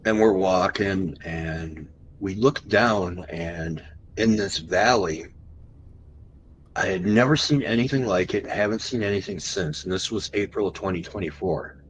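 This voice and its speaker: Man, deep low voice, podcast guest, animated storyteller, drawn-out pauses at tense parts. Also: a little hiss or hum, rough recording. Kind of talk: recounting an encounter story.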